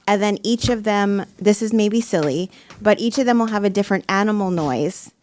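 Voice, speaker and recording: A woman's voice: mid-range voice, moderate pace, a little mellow. A woman on a podcast suggesting game rules in a tentative way. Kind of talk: casual chat.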